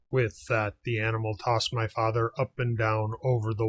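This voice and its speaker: A man reading a children's book aloud, narrating in a steady, plain storytelling way. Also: on the low side, normal speed, few pauses. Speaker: audiobook reader.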